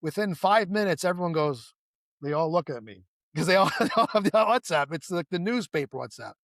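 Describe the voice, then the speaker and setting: Animated man telling stories, slightly higher voice. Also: fairly quick, no echo, studio quality. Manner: animated storyteller who acts out quoted dialogue; rambling with many restarts and asides. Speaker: guest. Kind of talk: casual conversation, storytelling.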